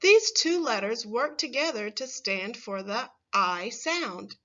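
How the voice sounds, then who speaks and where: Woman, primary teacher, fairly high voice, slow careful delivery, dull lo-fi recording. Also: expressive, a bit bright. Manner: slow, clear, stressing single words for children to repeat. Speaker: first grade teacher. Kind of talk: phonics lesson for young children.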